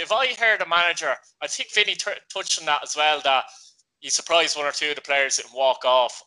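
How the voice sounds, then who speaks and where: A man with an Irish accent hosting a football vlog, talking indignantly in quick, broken phrases. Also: on the high side, bright, forceful tone, low-quality recording. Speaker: vlog host. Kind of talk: casual football chat.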